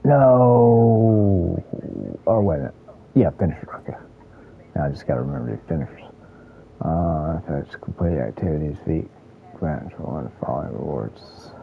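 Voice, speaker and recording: A military veteran streaming a video game, rambling and thinking aloud with lots of fillers in casual let's-play commentary. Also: male voice, sits low, lively intonation, moderate pace, creaky, pauses often, narrow, tinny audio.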